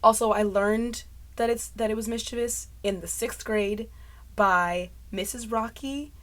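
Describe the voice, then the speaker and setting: A woman chatting straight to her camera in a loose, rambling vlog, jumping from thought to thought and laughing at her own slips. Her voice is bright and forceful, close on a mic that runs hot. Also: fairly high pitch, measured pace. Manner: rambling stream of consciousness, often laughing at herself. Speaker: vlogger. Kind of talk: casual talking-head chat. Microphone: mic close to clipping.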